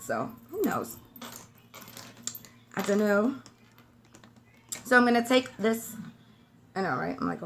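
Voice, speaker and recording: With a creaky, mid-range voice and a little background noise, this beauty vlogger from Brooklyn chats through a casual makeup tutorial at home. Her New York accent has a faint Southern twang, and she wanders off topic as she applies her makeup.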